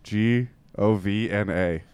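A man's voice: on the low side, slow pace, a little mellow, clean tone, dry recording. A young man in crude casual banter, joking, swearing and laughing often.

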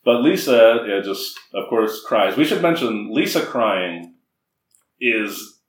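A man's voice: lowish voice, takes it slowly. A man tells a movie's plot to his co-host with lots of laughter and bits of put-on dialogue. His voice rises and falls a great deal. He sounds a little distant from the mic, in an echoey room. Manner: animated, laughing, acts out characters' lines. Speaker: podcast co-host. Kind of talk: casual movie recap chat.

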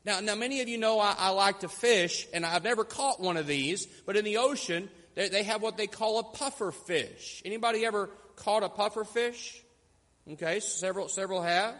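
High-voiced pastor preaching a sermon. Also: male voice, fairly bright tone, in a large hall. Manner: storytelling, slows down for emphasis.

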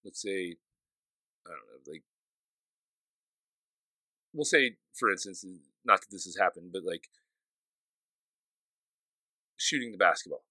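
A man co-hosting a podcast, easygoing and animated, who laughs often while he talks. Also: low voice, a little slow, pauses often, slightly rough, dry recording. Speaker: podcast co-host. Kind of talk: casual chat.

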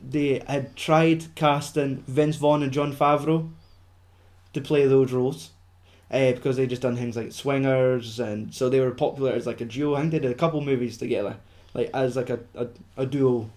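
A man's voice: mid-range voice, darkish tone. A man co-hosting a casual film chat, rambling and sweary with lots of fillers. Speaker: podcast co-host.

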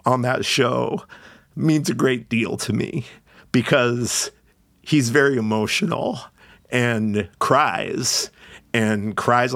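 A man's voice: mid-range voice, vocal fry, fairly bright tone, no echo. A man hosting a podcast, giving a heartfelt solo introduction in an earnest, openly emotional way, often laughing. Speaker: podcast host.

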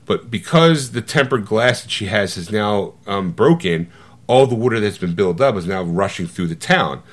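A middle-aged man co-hosting a podcast, retelling a movie in casual chat with animated, swearing storytelling that acts out other people's lines. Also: fairly low pitch, moderate pace. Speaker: podcast co-host.

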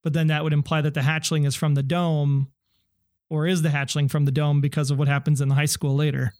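A man co-hosting a casual TV recap podcast, speculating in an animated way and sometimes quoting characters in put-on voices. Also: a little high, brisk, no room sound, studio quality. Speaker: podcast co-host.

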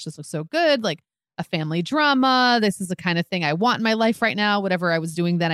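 A woman's voice: lowish voice, no echo, clean studio sound. A woman co-hosting a podcast in casual chat, giving frank, emphatic opinions and acting out her own thoughts. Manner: candid, emphatic opinions with quoted inner thoughts. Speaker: podcast co-host.

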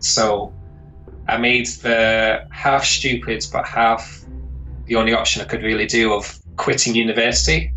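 A man's voice: mid-range voice, fairly even intonation, a little fast, sharp tone, rough recording. Rambling man. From northern England. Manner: rambling, searching for words. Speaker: composer guest. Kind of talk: casual interview chat.

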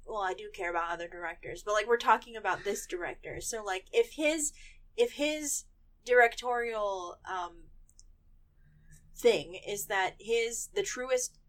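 A woman's voice: medium pitch, a little slow. A young woman co-hosting a casual podcast chat, laughing often and trailing off with fillers. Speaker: podcast co-host.

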